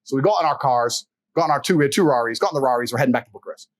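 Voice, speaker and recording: A man's voice: medium pitch, rapid-fire. A man in a podcast chat, telling boastful stories in a brash, profane way and laughing often. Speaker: podcast guest. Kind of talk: casual storytelling chat.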